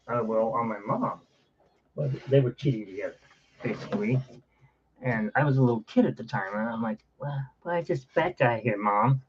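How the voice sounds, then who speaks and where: A man's voice: mid-range voice, a little mellow, slightly rough, highs cut off. A man in his forties, host of his own channel, telling a blunt, wry story in a casual rambling monologue. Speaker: channel host playing keyboard.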